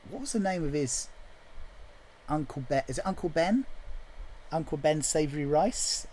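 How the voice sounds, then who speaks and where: A man's voice: fairly high pitch, lively intonation, moderate pace, dark tone, a little hiss or hum, rough recording. A man chatting casually to himself while composing a musical, joking as he thinks aloud at his computer. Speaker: musical writer.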